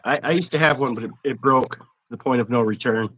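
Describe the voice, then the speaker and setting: A man's voice: medium pitch, brisk, fairly bright tone, poor audio. A man hosting a casual fishing livestream interview, chatty and rambling, laughing often. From Wisconsin. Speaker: host.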